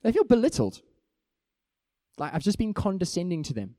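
Animated preacher man with a mellow voice. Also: high voice, normal speed, long pauses, no echo, clean studio sound. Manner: animated, acts out little everyday scenes. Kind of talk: sermon.

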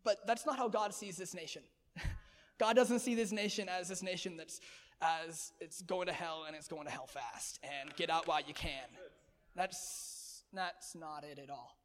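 A man preaching a sermon in an energetic, conversational way, laughing often. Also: fairly high pitch, measured pace, long reverb tail.

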